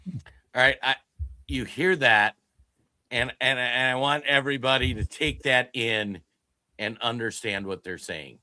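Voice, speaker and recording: A man co-hosting a political commentary podcast, talking in an animated, emphatic way with frequent restarts. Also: medium pitch, unhurried, no room sound. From Minnesota. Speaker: podcast co-host. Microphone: streamed podcast mic.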